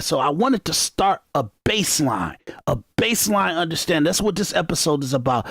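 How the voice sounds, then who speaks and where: A man's voice: a little high, no room sound, studio quality. A man hosting a podcast, delivering an emphatic, repetitive monologue of commentary that often restarts its phrases. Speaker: podcast host. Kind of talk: unscripted political commentary monologue.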